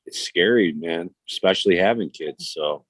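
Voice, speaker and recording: Profane low-voiced man in his fifties. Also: normal speed, dry recording. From Chicago. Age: 50s. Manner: profane, rambling, blunt. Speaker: podcast host. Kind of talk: casual storytelling chat.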